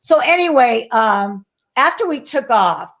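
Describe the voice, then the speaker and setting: Woman, middle-aged, interview guest, slightly high voice, animated storytelling, casual. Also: a little slow. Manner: animated, acts out quoted voices. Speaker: guest, actress and flight attendant.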